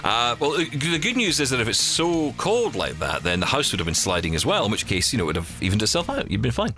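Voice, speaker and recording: A man's voice: medium pitch, huge pitch swings, quick pace, sharp tone, faint music behind. A man hosting a podcast, chatting casually in a playful, rambling, self-deprecating way. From England. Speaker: podcast host. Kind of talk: casual chat.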